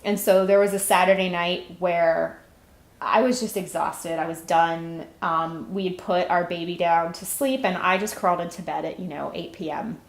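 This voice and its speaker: A woman in her thirties giving an earnest personal testimony as a church volunteer, telling her story with soft laughs. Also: fairly low pitch, fairly even intonation, normal speed. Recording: roomy, echoey sound.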